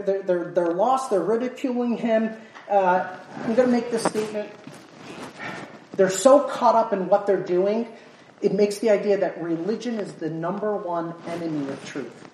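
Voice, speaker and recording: A woman's voice: mid-range voice, noisy background. Emphatic woman preaching in an echoey hall. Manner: emphatic, repeats words, rising to near shouts. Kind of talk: sermon with scripture reading. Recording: roomy echo, voice from far off.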